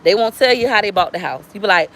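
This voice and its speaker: A woman's voice: medium pitch, lively intonation, fast talker, a bit bright. A woman speaking straight to viewers in a casual, preachy livestream chat. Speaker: livestream vlogger.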